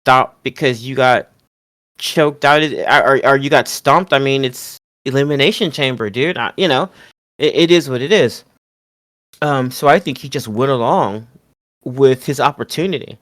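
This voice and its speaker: Animated, profane man hosting a podcast. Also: medium pitch, normal speed, no room sound, clean studio sound. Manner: animated, swears freely, laughs often. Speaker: podcast host. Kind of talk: casual wrestling review chat.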